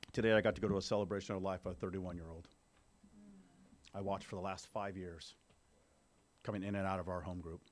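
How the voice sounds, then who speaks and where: A man in his fifties giving a candid personal recovery testimony to a group, talking conversationally and checking in with his listeners. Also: low-pitched. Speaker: speaker at a recovery meeting.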